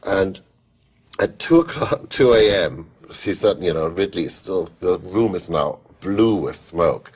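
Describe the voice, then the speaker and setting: A man with a deep, slightly husky voice talks in a casual interview. His sentences wander, with frequent fillers and restarts. Each story builds with animated energy. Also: unhurried. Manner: rambling, many fillers and restarts; animated anecdote telling. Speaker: film composer interviewed.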